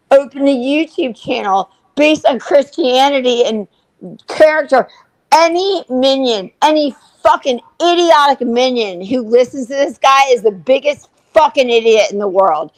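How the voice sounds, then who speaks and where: A woman's voice: sits high, animated, a little slow, no room sound, poor audio. A woman co-hosting a livestream, ranting furiously and swearing constantly. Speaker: co-host. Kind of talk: livestream commentary.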